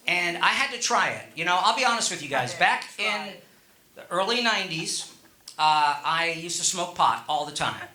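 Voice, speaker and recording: A middle-aged man does a stand-up set, rambling conversationally and teasing the audience. His voice is high and very bright. He is on a stage mic in an echoey room. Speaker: stand-up comedian. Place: comedy stage.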